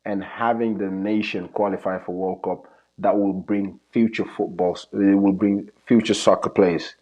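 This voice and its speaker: A man's voice: sits low, steady tone, normal speed, a little mellow, highs cut off. A man who coaches soccer, analyzing a live match in casual talk, earnest and often repeating or restarting his phrases. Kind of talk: live match commentary chat.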